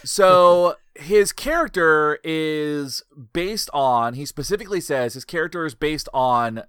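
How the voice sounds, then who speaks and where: A man hosting a casual podcast chat, telling stories in an animated way and swearing freely. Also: on the high side, a little slow, clear, resonant tone, no echo, clean studio sound.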